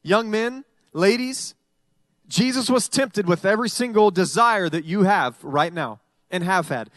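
A male pastor delivers a casual, conversational sermon in a noticeably high voice. He slips into the imagined voices of his listeners to make his points. The sound is dry and close. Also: unhurried, dry recording. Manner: conversational preaching, acting out congregants' voices.

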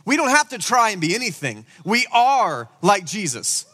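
A man preaching a sermon in a church, animated and full of rhetorical questions. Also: sits high, moderate pace. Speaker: pastor. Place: church sanctuary. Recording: long hall reverb.

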